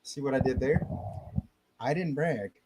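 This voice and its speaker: A man's voice: mid-range voice, unhurried, a little mellow, husky, low-quality recording. A man co-hosting a podcast in casual chat, making joking, self-deprecating asides. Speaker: podcast co-host.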